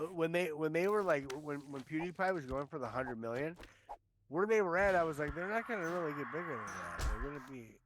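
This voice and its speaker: A man with a fairly high voice chatting over an online call while he plays a game. He rambles and teases, stringing thoughts together with plenty of filler words, with a faint hiss behind him. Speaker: streamer. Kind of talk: casual gaming chat. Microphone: online voice chat.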